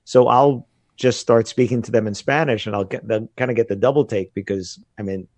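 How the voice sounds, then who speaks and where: An American man talking casually in an interview, telling animated stories about learning a language. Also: on the low side, a little fast, dry recording. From United States. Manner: animated storytelling with laughs. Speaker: guest. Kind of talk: casual conversation.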